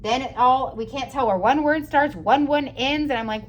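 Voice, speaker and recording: A woman teacher giving a slow, patient, encouraging writing lesson for young children, sounding out letters and praising often. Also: high-pitched, dull audio, a little hiss or hum. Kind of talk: early-grades writing lesson.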